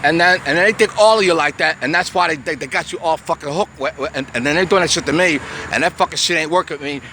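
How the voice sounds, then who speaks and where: This is a sixty-something man from the United States, his voice a little high, quick, bright and forceful, swearing his way through a rambling rant aimed at the camera. He stammers and restarts on repeated words as his agitation builds. The city-street setting adds faint traffic noise.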